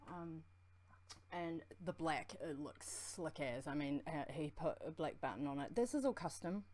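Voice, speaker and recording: A woman with a strong New Zealand accent co-hosting a livestream, talking fast in a rambling, friendly way. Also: low-pitched. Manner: fast, rambling, affectionate shout-outs. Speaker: co-host of a vaping livestream. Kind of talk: casual livestream chat.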